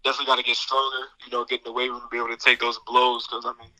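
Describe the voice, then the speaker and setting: A man, a basketball player, answering interview questions in a relaxed way with many fillers. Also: medium pitch, rapid-fire, no room sound, low-quality recording.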